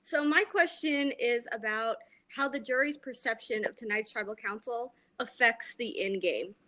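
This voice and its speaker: A woman calling in to a live show and eagerly putting a long question to the hosts. Her voice is bright and fairly high, and the sound is dry and close. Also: no echo. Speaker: caller.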